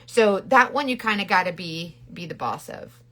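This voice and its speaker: A woman's voice: fairly low pitch, lively intonation, moderate pace, sharp tone. A middle-aged woman chatting bubbly and rambling on a casual makeup live stream, greeting viewers by name. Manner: rambling with frequent restarts.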